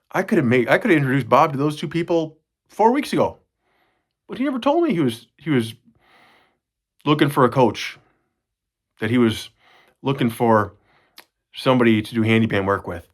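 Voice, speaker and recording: A middle-aged man, talking to his kids in an earnest, rambling way, often restarting his sentences. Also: fairly low pitch. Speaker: father recording a message to his kids. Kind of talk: casual spoken reflection.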